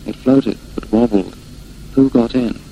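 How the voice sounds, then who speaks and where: A man reading a children's storybook aloud in a gentle, unhurried way. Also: mid-range voice, gravelly, highs cut off, a little hiss or hum.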